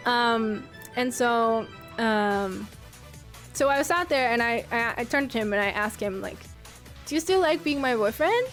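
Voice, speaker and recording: Young female streamer, high bright voice, chatty and giggly, soft music underneath. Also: animated, normal speed. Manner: rambling, giggly, many restarts. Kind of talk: casual storytelling to chat.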